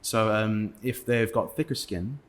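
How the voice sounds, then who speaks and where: A man's voice: on the low side, measured pace. A young man from England, a podcast guest, talking casually with many fillers and restarts. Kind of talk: casual interview talk.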